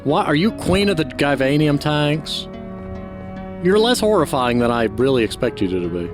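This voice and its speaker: A man's voice: a little high, very animated, moderate pace, music in the background. Chatty man reviewing a game. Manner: chatty, critiquing, offhand. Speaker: gaming channel host. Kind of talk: let's play commentary.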